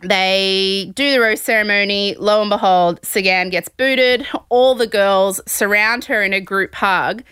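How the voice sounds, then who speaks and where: A woman podcast host recapping a reality show in animated casual chat, laughing often. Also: medium pitch, unhurried, hardly any pauses, clean tone, no room sound.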